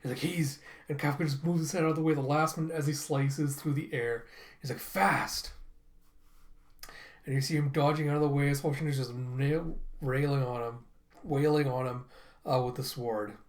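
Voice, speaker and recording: A young adult man hosting a casual manga reaction, retelling the panels in a relaxed, chatty way with fillers. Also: mid-range voice, fairly quick. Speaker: reaction channel host. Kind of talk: casual manga reading and commentary.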